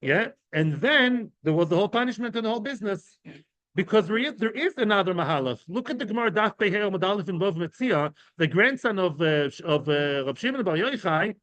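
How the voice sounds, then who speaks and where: A man gives an informal Talmud lesson to a class of men, explaining each term through everyday examples. He keeps it conversational, often checking in with "right?" and "yeah?". His voice sits high, animated and brisk, with a fairly bright tone.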